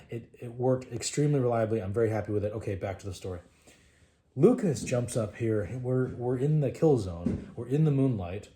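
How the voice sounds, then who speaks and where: Guy with a deep mellow voice telling a war story to his class, lively, goes hushed sometimes. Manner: animated storytelling, trails off to a hush.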